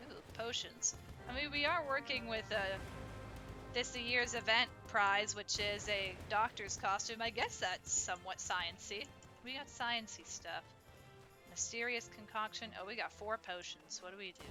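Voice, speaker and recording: A young woman streams a game and chats casually and playfully, often giggling, with game music in the background. Her voice is medium-pitched and unhurried.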